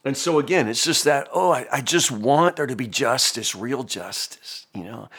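A man's voice: medium pitch, pushed and bright. A man giving a casual devotional Bible teaching, folksy and emphatic, with frequent fillers.

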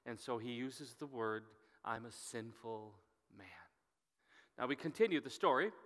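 Man, preaching, storytelling, bright tone, echoing sanctuary. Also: mid-range voice, a little slow. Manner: storytelling, reads scripture aloud with rising emphasis. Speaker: pastor. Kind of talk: sermon. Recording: long hall reverb.

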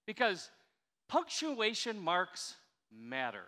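An older man preaching a sermon in a church, chatty and animated, coaxing his congregation to answer back. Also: sits high, slow. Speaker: pastor. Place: church sanctuary. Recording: reverberant church hall.

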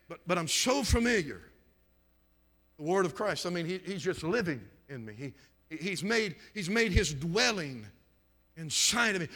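A man's voice: high voice, animated, moderate pace, in a large hall. Man preaching with wild, swooping dynamics. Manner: swings from shouting to near-whispers; repetitive emphatic preaching cadence. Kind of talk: sermon. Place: church meeting, live stream.

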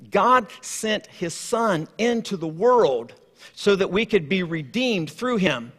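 A man preaching a sermon in a church, telling stories and moving from hushed tones to lively asides. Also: high voice. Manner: storytelling, swings from hushed to lively. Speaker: guest preacher. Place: church sanctuary. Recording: long hall reverb.

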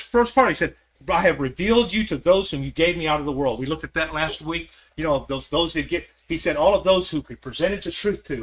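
An older man leads a Sunday Bible class in a casual, conversational way. His voice sits high and bright, and he keeps turning to his listeners with questions. He slips into the speakers' voices whenever he quotes scripture. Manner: acts out scripture quotes with shifting voice.

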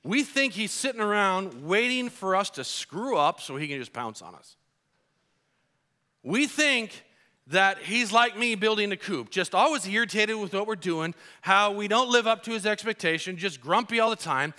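A middle-aged male pastor delivers a sermon in a bright, forward voice that sits a little high for a man. He preaches earnestly and with animation, and he acts out his own exasperated outbursts when he tells a personal story. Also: moderate pace. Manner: earnest and animated, acting out his own frustrated shouting in stories.

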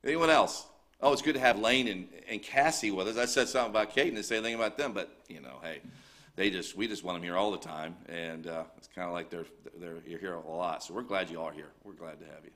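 A man's voice: low-pitched, fast talker, a bit bright. A man leading a church service, welcoming visitors in a folksy, rambling way with many fillers. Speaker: pastor.

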